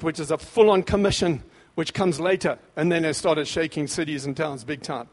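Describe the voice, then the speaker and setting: A man preaching a sermon with fervent, emphatic bursts, then dropping into quieter scripture reading. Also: fairly high pitch, moderate pace, few pauses, slightly rough. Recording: long reverb of a large hall.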